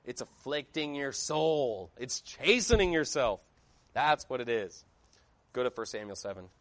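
A man's voice: mid-range voice, expressive, unhurried, fairly bright tone. A man preaching a sermon in a conversational way, with emphatic outbursts. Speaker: pastor.

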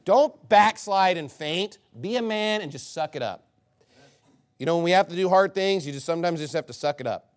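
A man preaching a sermon as a pastor, blunt and scolding, swinging between loud emphasis and low asides. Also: lively intonation, normal speed.

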